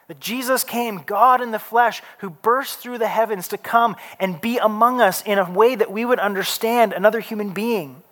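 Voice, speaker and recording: A man preaching a sermon, slow and deliberate, with casual asides, rising to loud urgent peaks and dropping to soft hushed lines. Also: high-pitched. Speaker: pastor.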